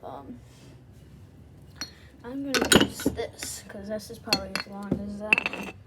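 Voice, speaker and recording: A woman's voice: mid-range voice, slow. A woman giving casual running commentary as she takes apart a machine, chatty, laughing often and sometimes dropping to a whisper. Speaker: vlogger taking apart a machine. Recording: loud background noise with tool clicks.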